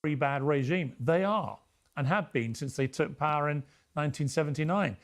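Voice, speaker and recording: A man speaks as a news commentator in a slightly raised voice, choosing his words deliberately. His delivery stays grave and steady, with light fillers as he builds his point, in the manner of a television panel guest. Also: a little high. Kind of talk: measured political commentary.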